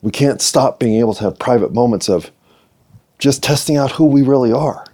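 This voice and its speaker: A middle-aged American man with a warm, medium-pitched voice talks at normal speed. He hosts his own video series, giving an earnest, reflective monologue to the camera sprinkled with playful asides.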